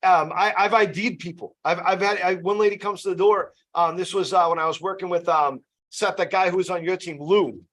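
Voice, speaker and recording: A man's voice: high voice, fairly even intonation, fairly quick, a bit bright. A man running a casual sales training session, chatty and loose, often checking in with "you know" and "right?". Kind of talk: casual team training talk.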